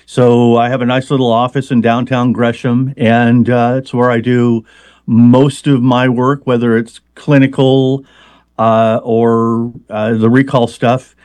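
A man's voice: medium pitch, flat delivery, unhurried, darkish tone, dry recording. A man being interviewed as a hypnotist, explaining at length in a conversational way with many fillers and restarts.

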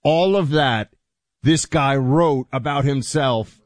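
A man's voice: mid-range voice, slow, dry recording. Indignant talk-show man, dry close mic. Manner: indignant, rising to shouts. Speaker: co-host. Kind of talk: political talk radio commentary.

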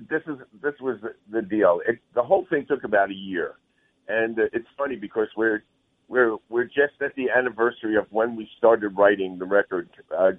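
Rambling male musician on a phone line. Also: lowish voice. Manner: rambling, friendly, says "man" often. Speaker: guest musician. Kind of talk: phone interview chat.

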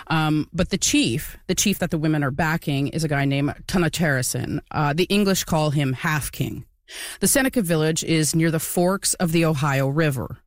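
A woman's voice: sits low, no echo. Woman explaining history, dry close sound. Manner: explanatory, with fillers. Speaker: podcast co-host. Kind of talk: casual history podcast narration.

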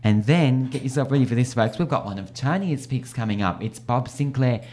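A man's voice: mid-range voice, a little fast, a little mellow. Playful male radio host. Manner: playful, giggly storyteller. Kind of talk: casual radio chat and joke telling.

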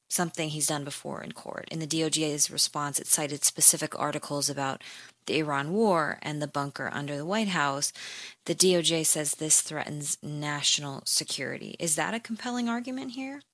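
Low-voiced female radio news host. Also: a bit bright, dry recording. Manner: composed, questioning.

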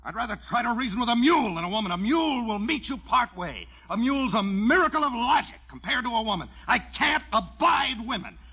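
A blustering, short-tempered rancher rants and bellows in a husky, high voice that leaps all over the place. The sound is dull and lo-fi, like an old film soundtrack. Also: male voice, sing-song, a little fast, few pauses, heavily acted. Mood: ranting. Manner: ranting, bellowing complaints.

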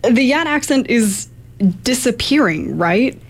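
A woman's voice: on the high side, sing-song, slow. A woman radio reporter asking interview questions with curiosity.

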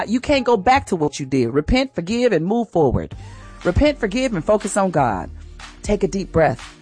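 A woman's voice: mid-range voice, very animated, normal speed, a little mellow, soft background music. A woman hosting a morning radio show, giving an earnest, encouraging inspirational talk straight to her listeners.

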